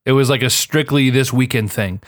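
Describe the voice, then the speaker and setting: A man's voice: mid-range voice, brisk, no echo, studio quality. Man chatting in a mock Minnesota accent. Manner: joking, drifts into a put-on folksy accent calling everyone bud. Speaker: podcast co-host. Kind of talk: casual chat.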